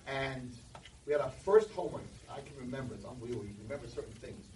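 A man's voice: medium pitch, fast, slight background noise. A man giving a humorous speech, telling a childhood story and acting out the characters. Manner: animated, acts out the characters. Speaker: speaker. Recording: roomy echo from far off.

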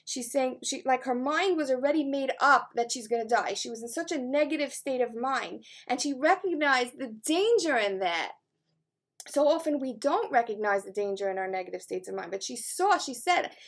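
A woman's voice: high-pitched, expressive, moderate pace. A woman teacher and life coach giving a Torah lesson on a psalm, earnest and conversational, with casual fillers.

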